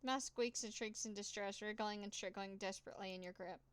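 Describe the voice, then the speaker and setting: Woman reading a text game, smooth voice. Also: steady tone, no echo. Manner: reads with dramatic pauses and nervous asides; voices cat meows and mouse squeaks herself. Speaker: gameplay narrator.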